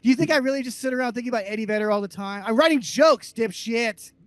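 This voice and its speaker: High-voiced man ranting crudely. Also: fast, no room sound. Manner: loud, abrasive, sarcastic. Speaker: podcast co-host. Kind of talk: profane comedic ranting.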